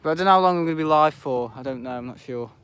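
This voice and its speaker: A man's voice: fairly high pitch, racing, a bit bright, clear, resonant tone. A man giving rambling, chatty live commentary while planespotting outdoors beside an airport, often correcting himself. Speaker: planespotting livestreamer.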